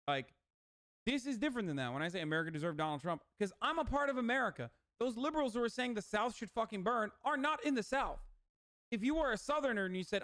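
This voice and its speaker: A male streamer gives casual reaction commentary, swearing freely and arguing his point in a ranting, combative way. His voice sits a bit high and comes through smooth and crisp. The close mic leaves the sound completely dry, with no room in it. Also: animated, fast talker, a bit bright, dry recording. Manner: profane, ranting, argumentative. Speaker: livestreamer.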